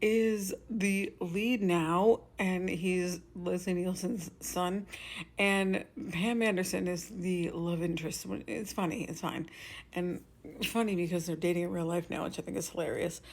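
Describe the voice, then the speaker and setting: A woman's voice: lowish voice, measured pace. Chatty young woman reviewing a movie. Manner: chatty and animated, laughs often, quotes her own reactions. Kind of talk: casual movie review vlog.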